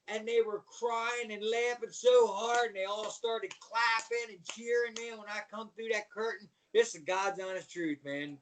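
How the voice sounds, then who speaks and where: A middle-aged man with a fairly high voice tells wrestling stories on a podcast. He acts out every character, shouts and laughs, and jumps from quiet asides to loud outbursts. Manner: animated storyteller acting out voices, yelling and laughing. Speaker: guest, former pro wrestler. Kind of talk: storytelling on a podcast.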